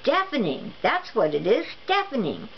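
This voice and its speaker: A woman voicing an irritable middle-aged husband whose hearing has become painfully sharp, loud and complaining, in a storybook read-aloud. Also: a little high, wildly swooping pitch, normal speed, pitched above the performer's own voice. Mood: alarmed. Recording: dull lo-fi recording with faint noise.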